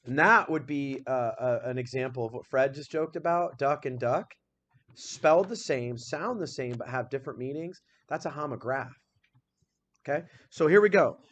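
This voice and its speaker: With a mid-range voice, a male teacher brings bright energy to a classroom grammar lesson. Questions come at the class in quick succession, while example sentences are read out slowly.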